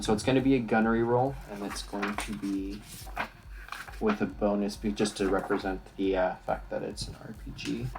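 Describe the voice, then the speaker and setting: A man's voice: lowish voice, gravelly. A man narrating as game master of a tabletop game, in a casual manner with fillers and laughs. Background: music.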